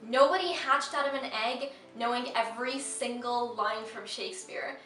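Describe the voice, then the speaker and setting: Bright, chatty young woman vlogger. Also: fairly high pitch, moderate pace, echoey room, distant mic, low-quality recording. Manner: chatty and reassuring, sing-song when reciting verse. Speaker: vlog host. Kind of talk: casual educational vlog.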